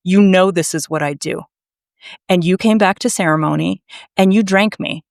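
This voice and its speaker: A woman's voice: on the low side, moderate pace, creaky, no room sound, clean studio sound. Stern plant spirit, as a woman quotes her. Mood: firm.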